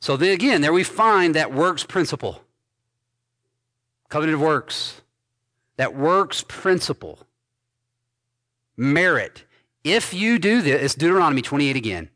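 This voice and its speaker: A man pastor preaching an expository sermon, reading scripture aloud and commenting on it with emphatic stresses and quiet endings. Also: a little high, sing-song, a little slow, pauses often. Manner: emphatic preaching, swinging between loud stresses and dropped soft endings.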